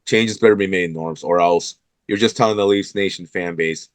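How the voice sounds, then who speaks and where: Fired up guy hosting a sports talk show, kinda low voice, dry sound, really emphatic. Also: moderate pace, dry recording. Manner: fired up and emphatic, calling out the team's owners.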